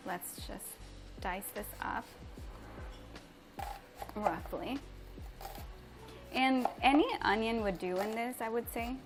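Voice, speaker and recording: A woman's voice: fairly high pitch, slow, pauses often, music in the background. A woman hosting a casual cooking livestream from her home kitchen, chatting with viewers and laughing often. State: teary from chopping onion.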